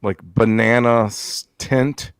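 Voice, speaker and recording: Casting: mid-pitched man host, quick joking questions, dry close mic. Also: steady tone, clean tone, no echo. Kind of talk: casual podcast banter.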